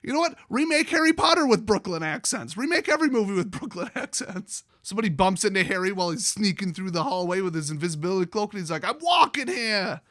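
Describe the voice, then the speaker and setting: An American man ranting sarcastically as host of a commentary video, mocking and animated. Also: high-pitched, fast, few pauses, no echo, studio quality. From United States.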